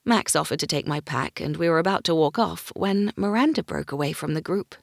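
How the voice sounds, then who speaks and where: A woman's voice: sits low, lively intonation, fairly quick, vocal fry, no room sound, studio quality. A woman narrating a first-person fantasy audiobook, giving each character a voice.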